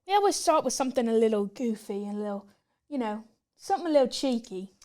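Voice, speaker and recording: A woman acting out a smug, mock-patriotic British gentleman with a put-on British English accent. The voice sits a bit high and stays haughty and self-satisfied. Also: animated, quick pace, close to an everyday voice. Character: smug mock-posh British man named William. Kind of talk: comedy sketch.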